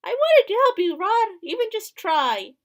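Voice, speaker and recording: Pleading young heroine voiced by a woman, emotional, high and lively. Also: moderate pace. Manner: pleading, emotional, louder bursts. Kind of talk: reading visual novel dialogue aloud.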